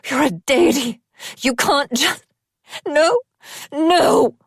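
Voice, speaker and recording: A desperate young heroine, as a woman narrator plays her, crying out loud and high with raw panic. The recording is close and dry, with no room sound around her. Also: drawn-out words, no echo. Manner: desperate shouting. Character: young woman with fiery power, frantic. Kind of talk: audiobook character voice.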